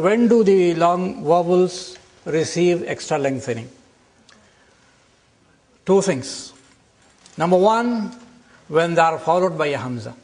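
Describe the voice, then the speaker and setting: An older man teaching a classroom lecture, explaining slowly and deliberately and drawing out example words. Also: on the high side, creaky, darkish tone.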